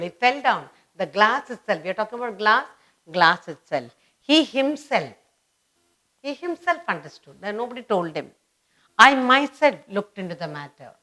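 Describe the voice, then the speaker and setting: A woman's voice: mid-range voice, sharp tone. A woman teaching grammar to children, stressing and repeating each example sentence.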